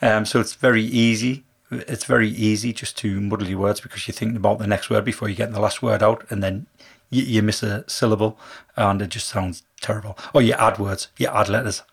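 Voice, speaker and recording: A man co-hosting a casual sports chat, telling stories and talking fast. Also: lowish voice, fairly even intonation, vocal fry, breathy edge. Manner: fast-talking, storytelling, laughing. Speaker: podcast co-host.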